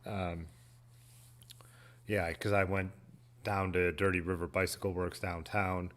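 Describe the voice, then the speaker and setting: A man's voice: low voice, little pitch movement, a little slow, a bit bright. A man, hosting a casual livestream, reading viewer comments aloud and chatting in a laid-back, rambling way. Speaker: livestream host.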